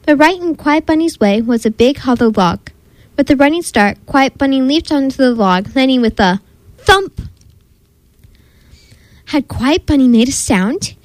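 High-voiced woman reading a picture book aloud. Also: measured pace, long pauses, no echo, low-quality recording. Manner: gentle, expressive, imitates animal sounds. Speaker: storybook reader.

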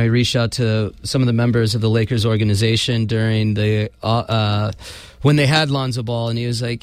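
A man's voice: mid-range voice, dry recording. A man hosting a casual sports podcast, rambling with lots of ums and uhs. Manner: rambling, filler-heavy delivery. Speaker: podcast host.

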